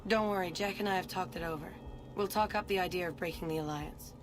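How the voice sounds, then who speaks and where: Actress doing a dry game drug dealer, curt, clear music underneath. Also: female voice, on the low side, fast talker, close to an everyday voice. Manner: curt, profit-minded. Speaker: game character. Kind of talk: video game dialogue.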